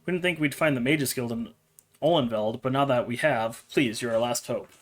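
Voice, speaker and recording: A man's voice: medium pitch, moderate pace, close to an everyday voice. A man reading the lines of a desperate, tearful young mother in a storybook. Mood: pleading. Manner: pleading, tearful.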